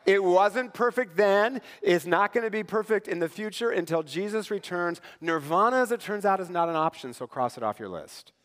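Hombre predicador en una iglesia resonante. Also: male voice, sits high, normal speed, hardly any pauses. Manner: conversational, animated, acts out quoted voices. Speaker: pastor. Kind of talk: sermon. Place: church sanctuary. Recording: long church hall reverb.

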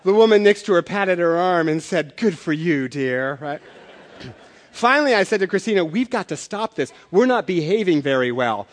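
A man's voice: high-pitched, lively intonation, normal speed. A man preaching a sermon as pastor, telling stories in a conversational way with self-deprecating humor. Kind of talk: sermon with storytelling. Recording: long hall reverb.

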